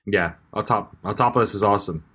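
A man's voice: on the low side, fast talker, sharp tone, breathy edge. A man with an Irish accent co-hosting a podcast, chatting casually with rambling, profane, comic rants. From Ireland. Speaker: podcast co-host. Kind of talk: casual chat.

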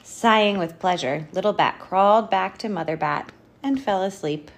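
A woman reading a picture book aloud in an expressive, animated storytelling manner. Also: mid-range voice, normal speed. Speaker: storybook reader.

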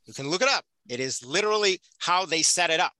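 A man's voice: a little high, expressive, quick pace, sharp tone, no room sound, low-quality recording. A man from the Soviet Union talking passionately as a podcast guest, repeating words for emphasis. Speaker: podcast guest, prison volunteer teacher. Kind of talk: casual conversational interview.

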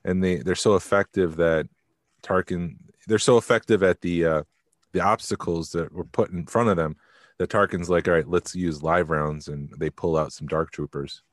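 Man, podcast co-host, very deep voice, rambling casual chat, dry sound. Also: moderate pace, dry recording. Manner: rambling, trails off mid-thought.

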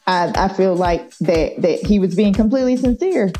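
A woman co-hosting a casual sports chat, measured and agreeable. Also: medium pitch, animated, mellow, faint music behind. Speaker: co-host.

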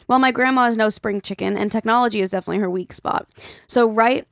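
Woman podcast host, fairly high voice, gravelly edge, dry close sound, casual and chatty. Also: fast talker, dry recording. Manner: chatty, swears casually, laughs often. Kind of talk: casual podcast chat, reading listener emails.

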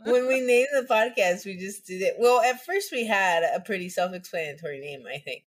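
A woman co-hosting a laid-back podcast chat, her voice mid-pitched and ordinary. She giggles often and keeps a relaxed tone as she introduces the story. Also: brisk. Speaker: podcast co-host. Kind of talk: casual chat, presenting a story.

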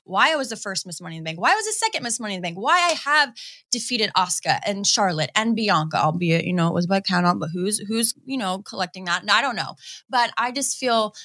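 A woman in her thirties from the Boston area, chatting excitedly as a guest in an interview and acting out quoted voices. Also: fast talker. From Boston area, USA. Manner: excitable, acts out quoted voices with high swoops. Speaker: guest wrestler. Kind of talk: casual interview chat.

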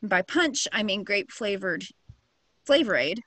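A woman's voice: mid-range voice, expressive, unhurried, fairly bright tone, dry recording. A woman casually telling a true crime story to a co-host, full of fillers and slang. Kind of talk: casual chat.

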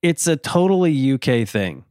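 A man's voice: medium pitch, sing-song, moderate pace, a little mellow, clear, resonant tone, no room sound, studio quality. A man co-hosting a podcast, giving an earnest, thoughtful review of an album in casual chat and laughing easily. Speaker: podcast co-host.

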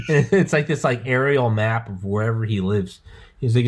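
Rambling, swearing podcast host. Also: male voice, mid-range voice, a little fast, a little mellow, husky. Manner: rambling storyteller, swears, acts out quotes in a raised voice. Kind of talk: casual chat.

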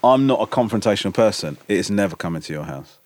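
A man's voice: fairly low pitch, lively intonation, fast, a little mellow, dry recording. A man co-hosting a podcast, teasing his friend and arguing his point wryly. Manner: wry, argumentative, teasing. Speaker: podcast co-host. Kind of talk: casual chat.

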